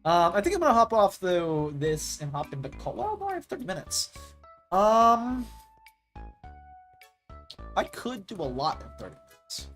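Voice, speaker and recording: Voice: mid-range voice, normal speed, pauses often, faint music behind. A gaming streamer chatting casually and telling stories in a rambling way, with lots of "like" fillers. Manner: rambling, animated storytelling with filler "like".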